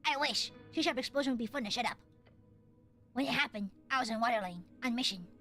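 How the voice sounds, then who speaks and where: A woman voicing a gruff, cold male kobold who talks in short, broken deadpan phrases. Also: a little high, fast talker, soft background music, voice pushed down, lightly acted. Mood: curt. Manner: clipped broken speech, deadpan.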